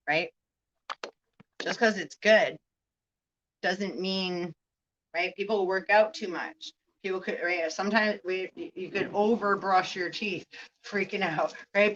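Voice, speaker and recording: A woman's voice: mid-range voice, fairly bright tone, lo-fi sound. A woman giving a casual spiritual vlog talk, rambling, laughing often, swearing and asking "right?" again and again. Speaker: spiritual reader.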